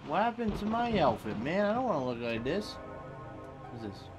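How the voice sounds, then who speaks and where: Excitable swearing young gamer guy. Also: on the high side, normal speed, music in the background. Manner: loud, swearing, excitable, laughing. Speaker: gaming YouTuber. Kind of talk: casual gameplay commentary.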